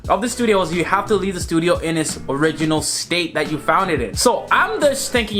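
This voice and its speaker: A young man telling a story in a casual vlog, animated and exasperated, swearing freely. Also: high-pitched, a little fast, hardly any pauses, faint music behind. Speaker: photographer and vlogger.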